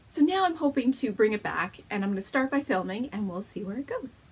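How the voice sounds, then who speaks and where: Woman, very breathy voice, lively swooping pitch, bubbly, laughing, casual home vlog. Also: brisk. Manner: bubbly, laughs often, gushing. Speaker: knitting podcast host. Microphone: camera.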